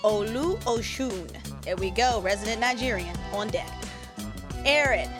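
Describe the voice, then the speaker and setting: A woman's voice: mid-range voice, normal speed, music in the background. A woman co-hosting a pop culture podcast in casual chat, teasing and laughing often. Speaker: podcast co-host.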